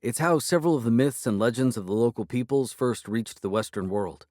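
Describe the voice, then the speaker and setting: A man narrating a first-person audiobook in a measured storytelling manner. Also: medium pitch, animated, a little mellow, dry recording, studio quality.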